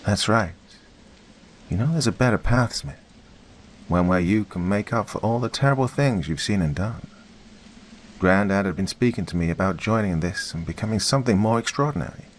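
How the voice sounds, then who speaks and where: A man voicing a possessed young woman who speaks with calm, creepy cheer. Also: fairly low pitch, moderate pace, a little hiss or hum, natural voice. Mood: eerie calm.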